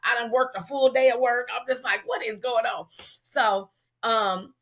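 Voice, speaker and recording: Middle-aged hairstylist lady from LA, bright voice, slangy, really animated storytelling. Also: a little high, moderate pace. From South Central Los Angeles, US. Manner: animated, acts out dialogue, slangy. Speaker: celebrity hairstylist, guest. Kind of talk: casual storytelling in an interview.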